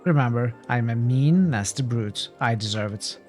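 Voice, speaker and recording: A man reads his lines while streaming a role-playing game, in a playful, teasing manner. His voice sits at an ordinary middle pitch. Faint music plays underneath. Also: normal speed, darkish tone.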